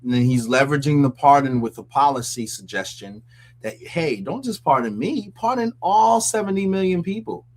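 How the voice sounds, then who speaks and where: A man's voice: a little high, animated, moderate pace. A man hosting a casual commentary show, reacting with mocking disbelief and frequent laughs. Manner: incredulous, mocking, laughs often. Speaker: commentary host.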